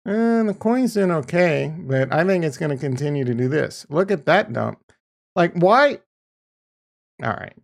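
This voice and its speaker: A man talking casually about his crypto yield farm, blunt and profane, swinging from quiet muttering to heated ranting. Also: fairly high pitch, animated, normal speed, creaky, few pauses. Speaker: crypto YouTuber. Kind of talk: casual screen-share commentary.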